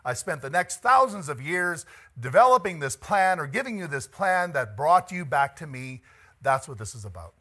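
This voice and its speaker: A man's voice: a little high, sharp tone. A middle-aged man preaching a conversational sermon as pastor, chatty and joking, laughing often and moved by the text.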